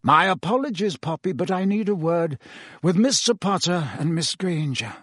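A man reading aloud and voicing a calm, courteous old headmaster who stays firm. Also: sits high, takes it slowly, creaky, husky, no room sound, clean studio sound, voice pushed up, heavily acted.

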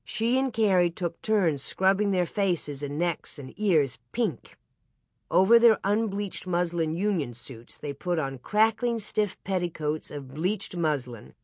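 An audiobook narrator reading a children's story aloud in an even, clear way. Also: medium pitch, measured pace, no room sound, studio quality.

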